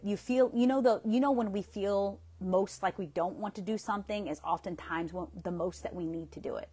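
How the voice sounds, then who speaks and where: A woman's voice: mid-range voice, brisk. A woman coaching viewers through a tapping livestream on her phone, talking in a chatty, affectionate way with frequent restarts.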